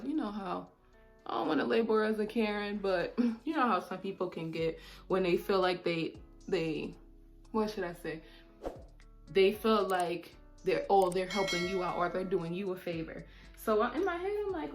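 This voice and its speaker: A woman in her twenties chatting casually while doing her makeup, talkative and animated, often saying "mind you". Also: medium pitch, normal speed, soft background music. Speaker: beauty vlogger.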